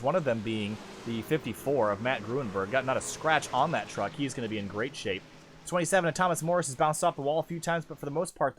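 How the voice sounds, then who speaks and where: Excitable male sim racing commentator. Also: a little hiss or hum. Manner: chatty and self-deprecating, swings up in pitch on race calls. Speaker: lead race commentator.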